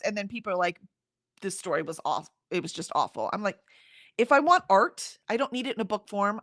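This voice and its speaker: A woman's voice: mid-range voice, a bit bright, no echo, studio quality. A middle-aged woman from Houston, chatting casually on a livestream, rambling and laughing as she reads out comments. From Houston, Texas. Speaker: livestream host. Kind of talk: casual chat reading comments.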